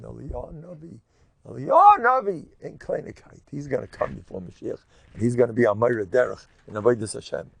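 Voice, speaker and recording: An older rabbi who gives a Torah lecture in an animated, jokey storytelling way, full of repetitions. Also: male voice, medium pitch, creaky.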